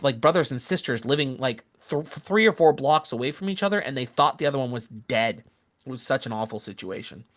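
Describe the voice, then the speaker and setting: A man telling a missionary story with an earnest, casual manner, often correcting himself mid-sentence. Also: medium pitch. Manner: earnest, self-correcting, acts out quoted voices.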